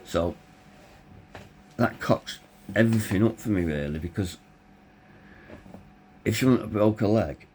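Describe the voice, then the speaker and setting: Blunt, deep-voiced middle-aged man. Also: a little slow, pauses often, darkish tone, slight background noise. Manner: blunt, candid, swears freely. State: hoarse, voice tiring. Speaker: vlogger. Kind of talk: personal storytelling.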